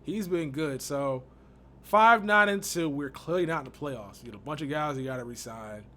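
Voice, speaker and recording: Young male gaming YouTuber from Texas, casual and exasperated, bright and slightly high-pitched. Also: normal speed. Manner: exasperated, slangy, laughs often. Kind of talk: casual gameplay commentary.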